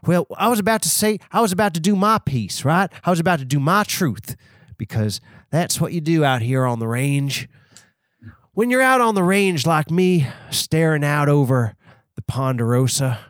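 Guy doing a cowboy drawl, loud and high, slow folksy talk, dry sound. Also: expressive, no echo, close to an everyday voice. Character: blustering male cowboy defendant on trial. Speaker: podcast co-host.

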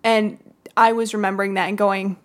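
A woman's voice: mid-range voice, little pitch movement, a little fast. A woman chatting casually about a film and its comics, joking and hesitant at times.

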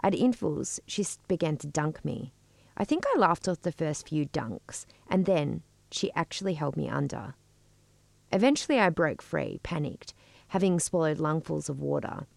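A middle-aged woman telling a personal story in a measured, wry way. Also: low voice, expressive, gravelly, darkish tone, dry recording. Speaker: storyteller and podcast co-host.

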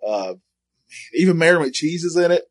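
Lively, teasing man with a dry sound. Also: a little high, measured pace. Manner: teasing, laughs a lot. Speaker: podcast co-host. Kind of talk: casual chat about retro video games.

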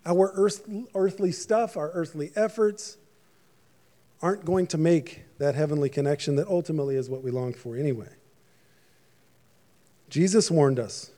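A man's voice: fairly high pitch, normal speed, pauses often, warm tone. A man preaching a sermon in a conversational, joking way, with frequent asides to the congregation. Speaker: pastor.

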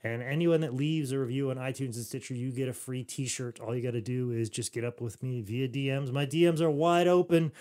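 A man hosting a casual podcast from his home studio, loud and joking, swearing freely as he talks. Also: mid-range voice, steady tone, brisk, hardly any pauses. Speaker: podcast host.

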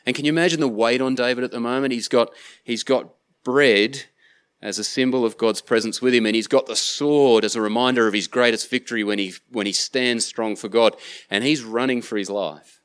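A man's voice: mid-range voice, steady tone, brisk, fairly bright tone, smooth. A man preaching a sermon, retelling a scripture story in casual everyday slang. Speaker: pastor.

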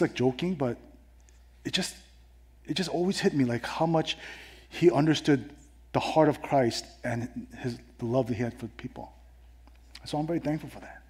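Husky-voiced man preaching a sermon. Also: fairly high pitch. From New York. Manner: animated preaching, swinging between loud emphasis and hushed tones. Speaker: pastor. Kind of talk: sermon with personal story.

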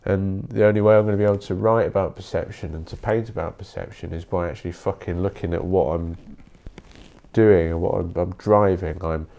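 A man's voice: sits low, fairly even intonation, fairly quick, vocal fry, mellow. A young man hosting a podcast, rambling bluntly in a casual solo monologue and swearing often. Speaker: podcast host.

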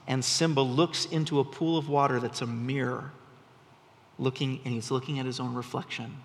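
An animated male pastor delivers a sermon, his voice climbing when he gets excited. His tone is bright and forceful, a touch higher than most men. It rings out with a long reverb, as if from a large sanctuary. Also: normal speed.

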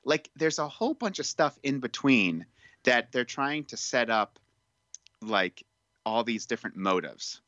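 A man's voice: mid-range voice, very animated, a little slow, pushed and bright, dry recording, muffled recording. A man co-hosting a casual podcast, talking about a movie in a chatty way, full of fillers. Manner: chatty, filler-heavy, reading from notes. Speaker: podcast co-host. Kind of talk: casual film review chat.

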